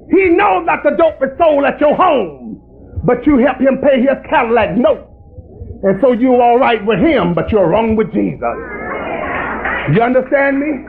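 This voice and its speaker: A man preaching a fiery sermon that rises into shouting. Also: very high voice, creaky. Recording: tinny lo-fi recording with faint hiss.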